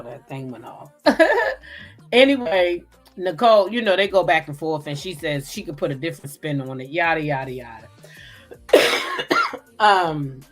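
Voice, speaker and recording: A woman's voice: low voice, slightly rough. A woman hosting a casual livestream recap, chatting loosely, greeting viewers by name and cursing freely. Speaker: host.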